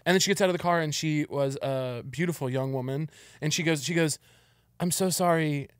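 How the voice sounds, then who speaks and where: A man hosting a podcast, chatting casually with quick jokes. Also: on the high side, no echo, studio quality. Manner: quick, jokey interjections and exaggerated voices. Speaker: podcast host. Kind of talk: casual chat.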